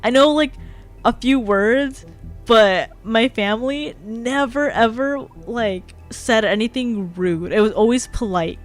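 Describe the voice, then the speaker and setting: A woman's voice: fairly high pitch, slow pace. A young adult woman chatting casually on a live stream, rambling and filling her talk with "like". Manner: chatty, rambling, heavy use of "like". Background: faint background music.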